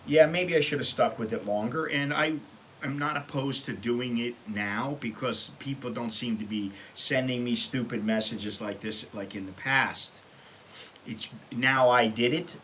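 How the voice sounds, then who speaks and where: An American man hosting his own vlog, talking casually and bluntly, rambling and working himself up into loud rants. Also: medium pitch, a little hiss or hum. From United States. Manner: rambling, blunt, gets worked up and loud when ranting. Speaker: vlog host. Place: Thailand.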